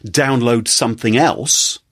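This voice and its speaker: A man hosting a casual tech-news podcast, speaking in a measured way and prompting with questions. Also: medium pitch, a bit bright. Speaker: podcast host.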